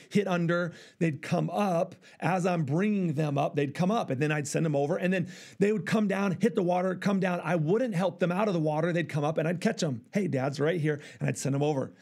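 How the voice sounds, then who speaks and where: A man's voice: a little high, vocal fry, a little mellow. A middle-aged male pastor preaching a sermon, telling a family story and acting out the voices in it. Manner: storytelling, acts out voices in quotes.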